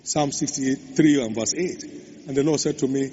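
A man's voice: mid-range voice, moderate pace, dark tone. A man preaching a sermon, stressing and repeating key phrases. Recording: echoey hall, dull lo-fi sound, faint hum.

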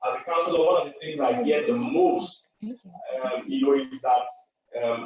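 A pastor and marriage counselor from Africa preaches to an online audience in a slightly mellow, mid-range voice at a moderate pace. He emphasizes his points, repeats key phrases and laughs in between. The mic sounds distant and muffled in a very echoey room.

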